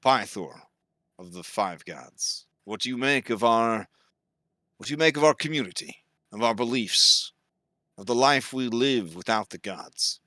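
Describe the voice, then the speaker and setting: A man voicing a calm, curious community leader who asks in a measured way. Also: mid-range voice, no room sound, pitched below the performer's own voice.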